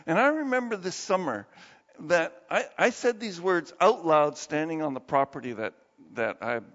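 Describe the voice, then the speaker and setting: A male pastor preaching a sermon in a lively, conversational way, acting out the quoted voices as he goes. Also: a little high, normal speed, in a large hall, dull audio. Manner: animated, acts out quoted voices.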